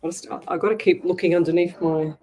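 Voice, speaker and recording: A woman's voice: lowish voice, steady tone, fast, dark tone, slight background noise. A middle-aged woman, a psychic medium, chatting casually with viewers on a live stream from home, laughing often. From Australia. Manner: chatty, laughs often, talks to her pets. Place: at home at a desk with a camera.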